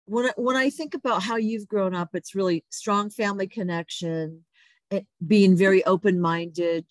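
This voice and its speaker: A woman's voice: medium pitch, steady tone, moderate pace, no echo. A woman hosting a casual spiritual interview, supportive and affirming her guest often. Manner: supportive, frequent affirming backchannels. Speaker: host.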